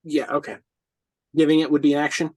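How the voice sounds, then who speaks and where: A woman's voice: low-pitched, flat delivery, fast, warm tone, slightly rough, dry recording. A woman playing in a tabletop game, casual, swearing and laughing as she checks her rules. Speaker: player.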